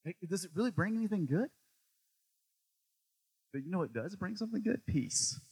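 A man preaches a sermon, swinging between loud, emphatic lines and quiet, low stretches, repeating phrases for emphasis and putting questions to the listener. His intonation is lively and his speed normal, with a breathy edge, in a dry recording.

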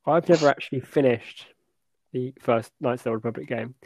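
A man's voice: mid-range voice, brisk, a little mellow, no echo. A man co-hosting a casual podcast, rambling through his thoughts with lots of restarts and fillers. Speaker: podcast co-host.

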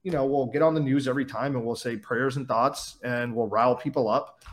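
A man's voice: mid-range voice, fairly even intonation, brisk. A man appearing as a podcast guest in casual conversation, speaking bluntly and emphatically and swearing freely.

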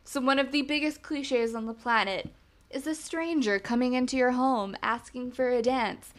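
Blunt, higher-voiced woman podcaster. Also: moderate pace. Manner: blunt, swears freely. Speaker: podcast co-host. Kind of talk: casual chat.

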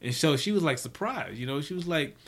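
A man's voice: fairly high pitch, expressive, fairly quick, a bit bright. Rambling man telling business stories. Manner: rambling, many restarts and fillers. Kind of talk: casual storytelling.

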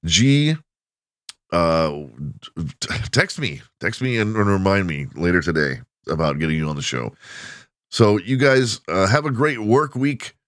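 A man's voice: low-pitched, sing-song, measured pace, a bit bright, dry recording, studio quality. A man hosting his own podcast as a casual comedic monologue, with crude, joking, rambling talk. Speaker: podcast host.

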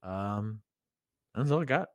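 A man's voice: on the low side, animated, takes it slowly, dry recording. A man co-hosting a podcast in casual chat, laid-back and jokey, with frequent um and uh. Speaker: podcast co-host.

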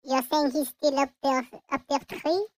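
A player voicing a dramatic small French baby in a mock French accent with French words thrown in, through a pitched-up childlike voice. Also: fairly even intonation, normal speed, rough recording. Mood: earnest.

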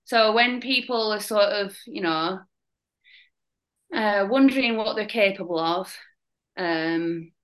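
A young woman with a Northern English accent, a fitness coach talking candidly as a podcast guest, blunt and quick to laugh at dark stories. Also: medium pitch, rough recording. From Northern England. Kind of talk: casual chat.

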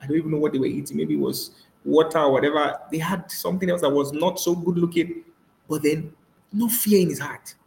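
A man's voice: on the high side, gravelly, roomy sound, rough recording. A man preaching a sermon as pastor, telling stories with energy and acting out the voices of people he quotes. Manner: animated storytelling, acts out quoted voices. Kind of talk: sermon over a voice call.

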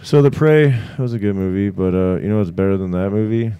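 A man's voice: fairly low pitch, a little fast, clear, resonant tone, no echo, dull audio. A man, talking crude and rambling on a casual podcast, swearing often. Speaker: podcast co-host, band member.

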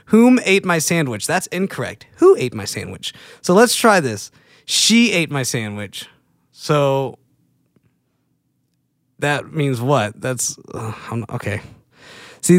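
A man's voice: mid-range voice, gravelly, no room sound. Man, casual vlog chat, self-deprecating, dry close sound. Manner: self-deprecating, rambling, laughs at himself. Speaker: vlogger.

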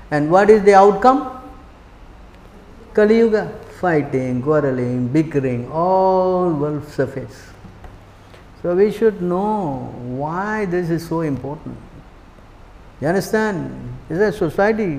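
A man giving a spiritual class as a sermon, emphatic, constantly quizzing his listeners with rhetorical questions, in a temple hall. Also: high-pitched. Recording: echoey hall with long reverb.

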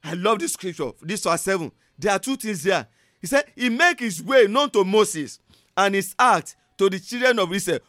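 High-voiced fervent male preacher. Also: expressive, normal speed, dry recording, studio quality. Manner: fervent, repetitive prayer chants, shifts between shouting and hushed tones. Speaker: pastor. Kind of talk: sermon with call-and-response prayer.

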